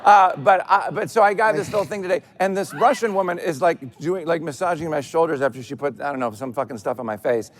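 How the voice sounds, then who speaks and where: A man co-hosting a live podcast from a theater stage. He tells his stories in an animated, chatty way, laughing along as he goes. His speaking voice sits a little above the usual male range. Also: fairly high pitch, quick pace, few pauses, slight background noise. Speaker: podcast co-host. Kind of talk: comic storytelling on a live stage show.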